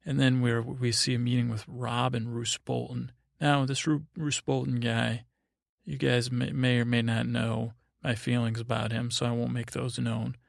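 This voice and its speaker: A man with a gravelly, fry-laced voice drifts through a sleepy, rambling recap in a steady, even tone. His delivery is low-key and wandering, with plenty of restarts, and the sound is close and dry. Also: moderate pace, dry recording. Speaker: podcast host.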